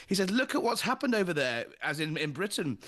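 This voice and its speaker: A male political journalist with a fairly high voice talks briskly and emphatically. He relays quotes in an energetic news-talk style, pressing each point home. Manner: brisk, emphatic, quoting his interview. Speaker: political journalist and show host.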